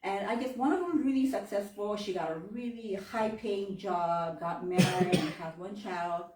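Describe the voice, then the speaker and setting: A woman's voice: medium pitch, normal speed, a little mellow. A woman in her thirties from gives a candid personal faith talk in church, acting out quoted voices and laughing often. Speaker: church member giving a talk. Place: church hall. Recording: roomy, from far off the mic.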